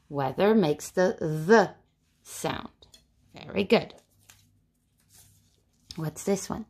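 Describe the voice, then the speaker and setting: A woman teaching a phonics lesson to young children, repeating each word slowly and asking lively questions. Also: on the low side, husky.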